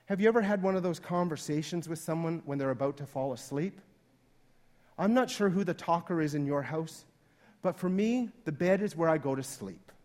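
A man's voice: on the high side, a little mellow. A male pastor preaching a sermon in a conversational way, acting out the voices he quotes.

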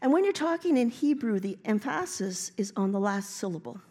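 A woman's voice: mid-range voice, lively intonation, brisk, darkish tone. A woman preaching a sermon in a church, building to emphatic declarations. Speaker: guest preacher. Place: church sanctuary.

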